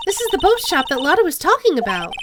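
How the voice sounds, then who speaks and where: Woman voicing a perky young sidekick, high and eager, bouncy, game music behind. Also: huge pitch swings, quick pace, background noise, exaggerated voice.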